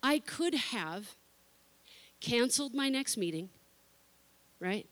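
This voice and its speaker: A middle-aged woman pastor telling a lively story in a sermon and acting out the quotes. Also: a little high, slow pace.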